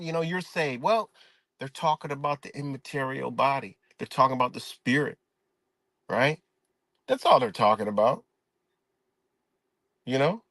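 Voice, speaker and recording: A middle-aged man from Rochester, New York, talking in a casual, profane, rambling livestream monologue and telling an animated story. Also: on the high side, no echo. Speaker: live stream host.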